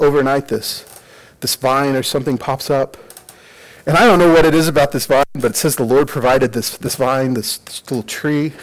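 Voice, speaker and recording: A man preaching in a casual, animated way, retelling a story with jokes and lots of "like.". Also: fairly high pitch, rough recording.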